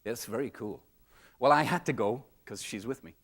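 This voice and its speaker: A keynote speaker with vocal fry talks at normal speed, giving a comedic storytelling talk to a live audience in a reverberant hall. He's animated, acting out customers and staff with big jumps in his pitch.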